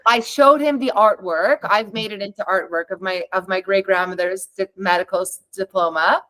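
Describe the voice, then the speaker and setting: Telling her personal story as a podcast guest, a woman speaks in a candid, conversational way and performs the lines she quotes. She has a medium pitch, normal speed and a sharp tone, in a low-quality recording.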